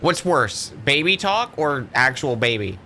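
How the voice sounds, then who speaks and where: A man's voice: medium pitch, sing-song, unhurried, pushed and bright, slight background noise. Casual, swearing male game streamer. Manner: chatty, swears casually, talks to chat. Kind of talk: casual gaming commentary.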